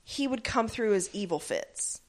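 A woman's voice: medium pitch, measured pace. Chatty woman recapping a show. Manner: animated, acts out characters' lines mid-story; swears casually, many fillers. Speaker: podcast co-host. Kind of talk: casual recap chat.

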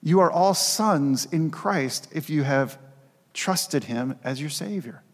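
A man's voice: on the high side, animated, slow. Man preaching in a reverberant church. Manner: earnest preaching, repeating key phrases for emphasis. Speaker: pastor. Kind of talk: sermon. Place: church sanctuary.

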